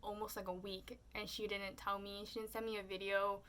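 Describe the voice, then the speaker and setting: Against a noisy background, a young woman vlogger briskly relays a story with little pitch variation, filling it with "like"s. When she quotes herself, she breaks into high squeals.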